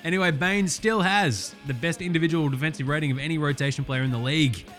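A man's voice: on the high side, quick pace, fairly bright tone, faint music behind. Profane, jokey Australian man. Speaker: podcast host. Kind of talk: casual sports chat.

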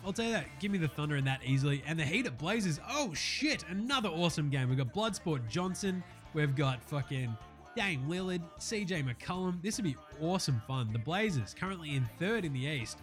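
A man with an Australian accent hosting a basketball podcast, casual and slangy, swearing freely. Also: fairly high pitch. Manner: swears freely, laid-back slangy banter. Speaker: podcast host. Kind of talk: casual sports podcast chat.

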